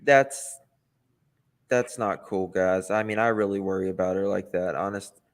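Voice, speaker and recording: A man co-hosting a casual commentary chat, giving earnest and opinionated remarks in a measured way. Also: deep voice, steady tone. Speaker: co-host.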